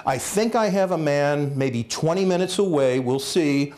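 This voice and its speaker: Man playing an eager, gushing service dispatcher, raised and higher than his own voice. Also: expressive, a little slow, a little mellow. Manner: gushing, overly polite. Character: overly apologetic eager male plumbing dispatcher.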